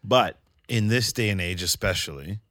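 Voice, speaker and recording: Podcast co-host, man with a fairly low voice, keen and laughing, dry studio sound. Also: moderate pace, fairly bright tone, no room sound. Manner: agreeable, laughs a lot, enthusiastic. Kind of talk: casual chat.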